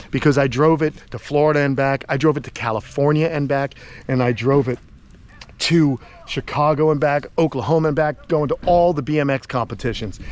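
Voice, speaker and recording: Chatty excitable man, fairly high voice. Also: a little hiss or hum. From Long Island, New York. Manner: chatty, excitable, rambling with many fillers. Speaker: host, tortoise keeper. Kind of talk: casual vlog commentary. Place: outdoors by a tortoise enclosure.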